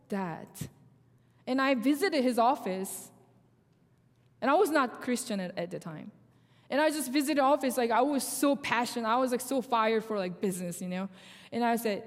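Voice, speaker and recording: A young native Korean speaker with a Korean accent shares a sermon testimony, telling it in an animated way that acts out the dialogue, though her phrasing is halting. Her voice is a little high, and a long hall reverb colors the recording.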